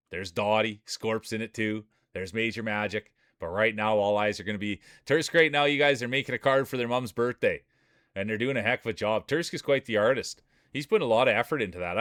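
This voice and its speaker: A man's voice: fairly low pitch, fairly bright tone, no echo, clean studio sound. A man streaming live, commentating marble races in a chatty way and greeting viewers by name. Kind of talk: play-by-play commentary.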